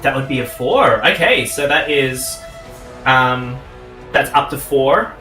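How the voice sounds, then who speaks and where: A man narrating a tabletop game as game master, animated and giggly, with many fillers. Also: medium pitch, slow pace. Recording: roomy echo with faint music.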